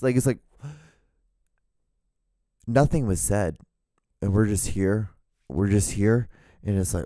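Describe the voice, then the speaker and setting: A man's voice: mid-range voice, animated, moderate pace, long pauses, mellow, dry recording. Man, solo podcast host, profane rambling rant, voice starting to go, dry close sound.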